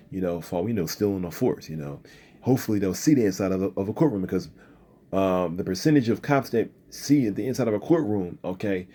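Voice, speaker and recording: Husky low-voiced man talking fast. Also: mellow. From Philadelphia area, USA. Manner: frequent "okay?" and "you know" tags, restarts. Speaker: video commentator. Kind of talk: earnest commentary monologue.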